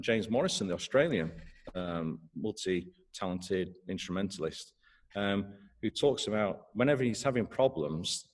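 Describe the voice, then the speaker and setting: A man's voice: lowish voice, big-room sound. A middle-aged man teaching trombone in an online masterclass, hesitant, with many fillers and restarts.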